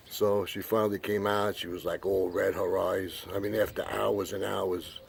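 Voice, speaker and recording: An older man telling a rambling personal anecdote with many pauses. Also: low-pitched, flat delivery, creaky, slight background noise. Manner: rambling, many fillers and restarts. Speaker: storyteller.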